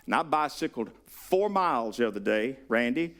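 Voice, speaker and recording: A man with a Southern US accent preaching a sermon, animated, acting out the voices he quotes. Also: mid-range voice, normal speed. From Southern United States. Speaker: pastor.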